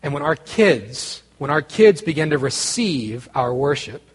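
A husky-voiced man preaches in a loose, storytelling way, often stopping and restarting his sentences. His voice carries a long reverb from a large hall. He turns quiet and earnest as the sermon goes on. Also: on the high side, big pitch swings, a little slow. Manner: conversational, self-interrupting, grows quiet and earnest. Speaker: pastor.

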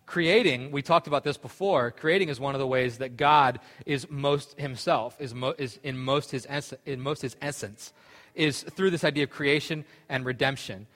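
A man's voice: mid-range voice, fairly bright tone. A male pastor giving a casual, rambling sermon full of fillers and restarts. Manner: loose, rambling delivery with many fillers and restarts. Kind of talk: sermon with an opening joke. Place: church sanctuary. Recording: long hall reverb.

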